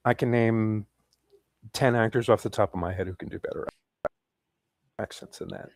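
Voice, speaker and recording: A man's voice: lowish voice, fairly even intonation, normal speed, gravelly, no room sound, clean studio sound. A man co-hosting a podcast, giving blunt, crude opinions in a casual film review chat. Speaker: podcast co-host.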